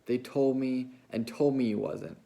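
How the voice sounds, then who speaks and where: A man reading a novel aloud, voicing a big, slow-witted, childlike ranch hand who talks in a plaintive, pleading way. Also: mid-range voice, creaky, mellow, pitched above the performer's own voice. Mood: sullen.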